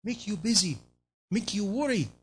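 A man's voice: high voice, lively intonation, normal speed, slightly rough. A man preaching a sermon in non-native English phrasing, pressing his listeners with repeated rhetorical questions.

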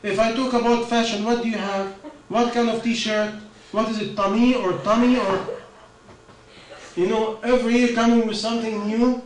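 High-voiced preacher man in echoey room. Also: flat delivery, moderate pace, distant mic, a little hiss or hum. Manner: questioning, rhetorical, non-native phrasing. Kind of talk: informal religious talk.

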